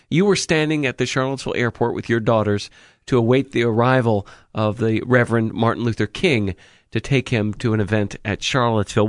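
A man hosting a radio talk show, announcing guests and breaks in a smooth scripted way. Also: mid-range voice, no echo, studio quality. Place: radio studio.

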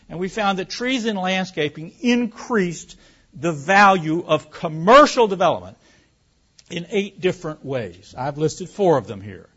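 Man, high voice, lively public speaker on a dull lo-fi recording. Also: husky. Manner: animated storyteller, rhetorical questions, occasional restarts. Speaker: speaker giving a talk on land use. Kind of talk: public talk to an audience.

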